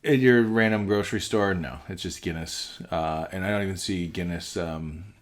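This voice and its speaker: A man's voice: low-pitched, normal speed. A man co-hosting a podcast in casual chat, rambling along with lots of "like" and "you know.". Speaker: podcast co-host.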